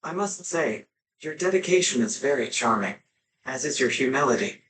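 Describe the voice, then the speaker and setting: A man voicing a soft-spoken, sincere young hero. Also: mid-range voice, lively intonation, moderate pace, background noise, lightly acted. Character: kind, composed young male hero.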